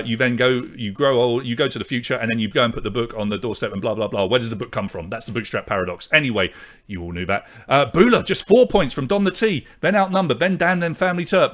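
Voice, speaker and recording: A man hosting a live online pub quiz, from Britain, briskly reading out questions, answers and scores and chatting with viewers. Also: mid-range voice, fairly bright tone.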